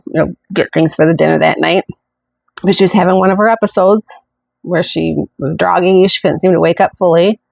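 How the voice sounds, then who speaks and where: A woman's voice: fairly low pitch, vocal fry, a little mellow, no room sound. A woman hosting a podcast, telling a true-crime story in a chatty way with indignant asides. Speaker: podcast host.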